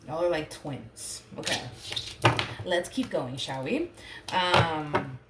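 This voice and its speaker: A woman's voice: low-pitched, takes it slowly, echoey room, very noisy. A woman giving a casual tarot reading, chatty and full of fillers, saying she does not like getting emotional. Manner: chatty, filler-heavy, reluctant to get emotional. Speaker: tarot reader.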